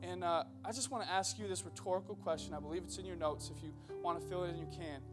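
Young male pastor, high-pitched, jokey sermon style that turns earnest, stage mic in church. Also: fairly even intonation, fast, music in the background. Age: young adult. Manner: joking storyteller who builds into earnest exhortation. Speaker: preacher. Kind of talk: humorous sermon. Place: church auditorium before a congregation.

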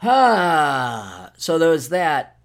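A middle-aged man with a somewhat high voice, hosting a casual solo podcast. He rambles along sardonically, stumbling over his words and restarting his sentences often. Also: animated, normal speed, fairly bright tone. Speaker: podcast host.

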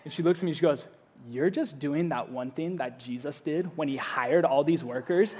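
A young adult man preaching a sermon, telling a story in a casual, animated and playful way. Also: fairly high pitch, normal speed, a little hiss or hum. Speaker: pastor.

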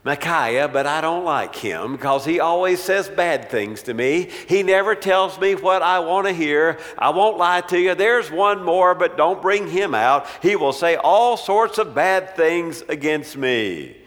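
Bir vaiz, sızlanan ve kırgın bir kralı canlandıran bir adam; kilisede uzun yankılı kayıt. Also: male voice, fairly high pitch, expressive, unhurried, few pauses, fairly bright tone, big-room sound. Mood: grumbling. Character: sulking resentful king, grown man.

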